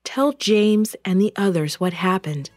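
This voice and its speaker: A calm grown man , as a woman reader puts him on, speaks in a steady, earnest way. The delivery is slow and unhurried. The recording is dry and close. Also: medium pitch, no room sound, soft background music, close to an everyday voice.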